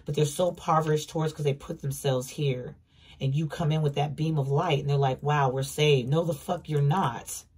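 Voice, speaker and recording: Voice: medium pitch, fairly even intonation, moderate pace, a little mellow, slightly rough. A tarot reader giving a casual, emphatic reading, repeating words for stress and swearing bluntly. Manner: emphatic, repetitive, blunt and profane.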